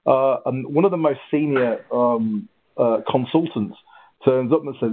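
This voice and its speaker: A husky-voiced man telling his story in an interview, animated, with halting restarts. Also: medium pitch. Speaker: guest, ultra runner. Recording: tinny phone-like line.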